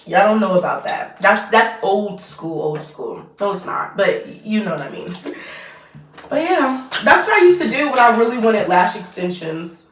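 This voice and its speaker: A woman's voice: mid-range voice, animated, normal speed, a bit bright, a little hiss or hum. Chatty woman vlogging from across a roomy space. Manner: chatty, rambling, trailing off mid-sentence. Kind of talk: casual get-ready-with-me chat. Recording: roomy echo, mic at a distance.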